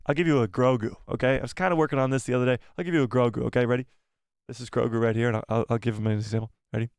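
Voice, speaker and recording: A man hosting a live stream, chatting casually and excitedly with his viewers and jumping between topics. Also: mid-range voice, racing, creaky, smooth, dry recording.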